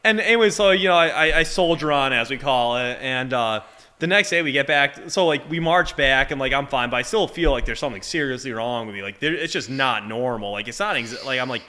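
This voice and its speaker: Male podcast guest, 20s, from Massachusetts, bright edgy tone, rambling filler-heavy storyteller. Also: mid-range voice. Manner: animated, heavy "like" fillers, acts out voices in his stories. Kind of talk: casual storytelling.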